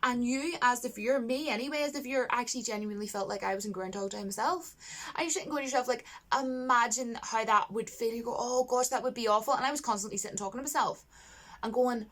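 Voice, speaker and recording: A woman with a fairly high voice talks casually to camera in a vlog. She gushes and laughs as she goes, with an animated, chatty delivery, and slips into a higher voice when she mimics lines. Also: fast. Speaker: vlogger reviewing a film.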